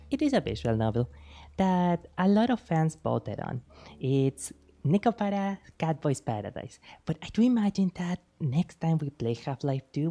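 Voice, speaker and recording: A woman streamer chatting casually with her live chat, playful and teasing, thanking viewers over and over and speaking slowly and carefully. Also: deep voice, warm tone. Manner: deliberately slow, careful speech.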